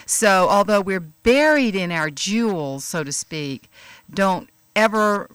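A woman talks about her book with an animated storyteller's energy. Her voice is bright and swoops up and down a lot. The sound is dry and close. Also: medium pitch, takes it slowly, clean tone, dry recording. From American South. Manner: animated storyteller, bursts of laughter. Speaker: author guest. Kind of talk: interview chat.

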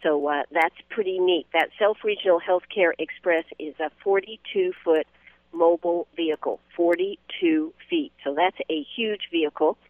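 A man's voice: high voice, moderate pace, no room sound. A man hosting a live on-site radio broadcast from outdoors at a golf tournament, chatty and promotional, with plenty of "uh"s. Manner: chatty and promotional, with many fillers. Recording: tinny phone-line audio.

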